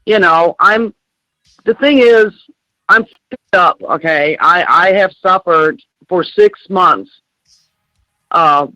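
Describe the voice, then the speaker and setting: A woman's voice: fairly low pitch, slow, long pauses, bright, forceful tone, no echo, lo-fi sound. An older woman, a grieving grandmother, speaking angrily and bluntly as a guest on a call-in show, swearing and repeating herself. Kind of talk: emotional interview on a call-in show.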